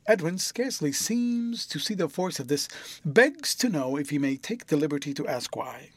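Guy reading an old novel out loud, voice bouncing all over, dry close sound. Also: fairly high pitch, measured pace, no echo. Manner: expressive, storytelling. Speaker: audiobook narrator. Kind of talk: scripted narration of a classic novel.

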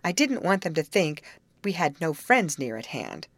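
A woman voicing a confident young woman who leads her friends, speaking calmly and self-assuredly. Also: low voice, normal speed, no echo, heavily acted. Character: confident young woman leader, calm and teasing.

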